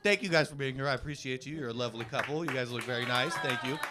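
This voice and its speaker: A man in his twenties hosting a live stand-up comedy show on a club stage, doing self-mocking, deadpan crowd work into a handheld mic. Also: mid-range voice, racing, very noisy. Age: 20s.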